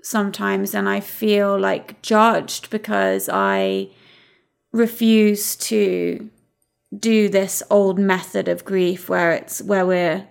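A woman co-hosting a casual conversation, with a middle-pitched voice. She speaks reflectively and haltingly, pausing often with fillers and restarting her sentences. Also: expressive, vocal fry, clear, resonant tone. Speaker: podcast co-host. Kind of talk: casual chat.

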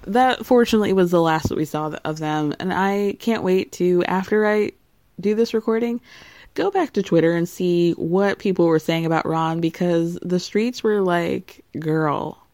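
A woman's voice: on the low side, darkish tone, no echo. A woman podcast host chatting casually, laughing often and tossing in blunt asides. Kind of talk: casual recap chat.

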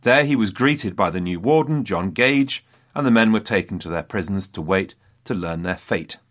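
A man's voice: low voice, animated, moderate pace. A man hosting a history podcast, telling the story dramatically with wry asides to his listeners.

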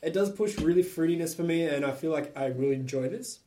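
A man co-hosting a casual podcast, talking in an animated, joking way. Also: on the high side, fast talker. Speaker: podcast co-host. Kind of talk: casual chat.

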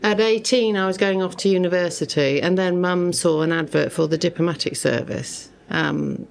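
Gravelly-voiced woman with a Gloucestershire accent. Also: lowish voice, normal speed. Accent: Gloucestershire English. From Gloucestershire, England. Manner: chatty storyteller, laughs while telling stories. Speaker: podcast guest. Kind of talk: casual chat. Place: a home.

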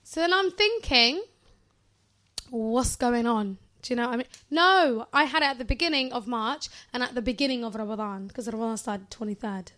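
Woman in her 30s, high bright voice, animated chatty storytelling with lots of laughs. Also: quick pace, few pauses. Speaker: podcast co-host. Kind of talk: casual chat.

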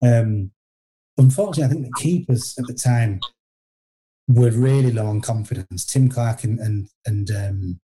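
A man's voice: medium pitch, normal speed, mellow. A middle-aged man, a former footballer telling stories in a casual interview, rambling and self-deprecating with many restarts.

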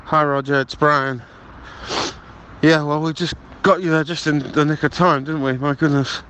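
A man's voice: a little high, steady tone, normal speed, a bit bright, a little hiss or hum. A man leaving pushy, conspiratorial voicemails, calling the listener mate. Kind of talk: improvised comedy voicemail. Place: car.

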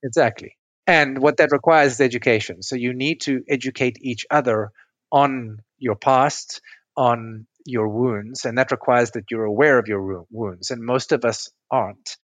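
A man's voice: mid-range voice, moderate pace, dry recording. A man speaking as a relationship coach and podcast guest, patiently explaining ideas through metaphors and checking whether they make sense. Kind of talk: conversational interview explanation.

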